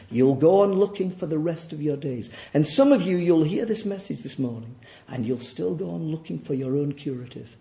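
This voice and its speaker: A man preaching a sermon in a church, dropping to quiet low asides and rising to loud, high, near-shouted peaks. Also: echoey room.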